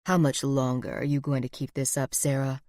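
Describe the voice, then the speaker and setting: A woman voicing a manipulative, smooth-talking villainous man in low, soft, menacing tones. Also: flat delivery, moderate pace, no room sound, clean studio sound.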